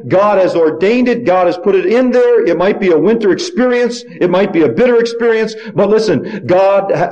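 Man, pastor, sermon, slightly high voice, dramatic swings in pitch and volume. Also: dull audio. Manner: preaching with wide swings of pitch and loudness, stretched emphatic words.

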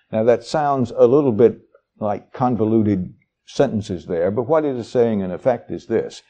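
A man's voice: on the low side, mellow, lo-fi sound. Folksy preacher man reading scripture. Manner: folksy, conversational asides to the congregation; reads verses aloud with shifting dramatic emphasis. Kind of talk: sermon, reading and explaining scripture.

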